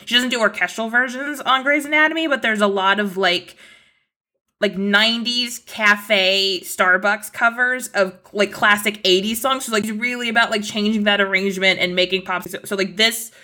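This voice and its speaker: A woman's voice: mid-range voice, steady tone, normal speed, pushed and bright. A young adult woman, an entertainment journalist guest, chatting casually and rambling with many "like" fillers. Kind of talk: casual podcast chat.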